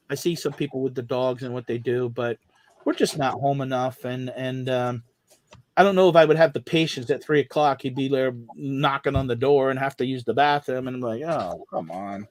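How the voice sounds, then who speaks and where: A man's voice: mid-range voice, no echo. A man telling a long, rambling story in casual chat, with many restarts and trailing asides.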